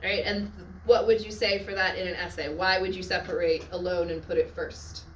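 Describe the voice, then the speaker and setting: A woman teaching a Latin class on literary devices, often checking in with her students and adding quick asides. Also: on the low side, steady tone, slight background noise. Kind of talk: classroom lecture. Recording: echoey classroom from far off.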